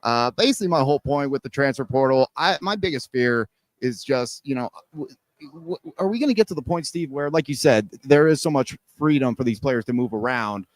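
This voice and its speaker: A man's voice: mid-range voice, animated, fairly quick, no room sound. Rambling male radio co-host, dry mic. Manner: rambling, many restarts and fillers. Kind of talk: sports talk radio banter. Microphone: studio mic.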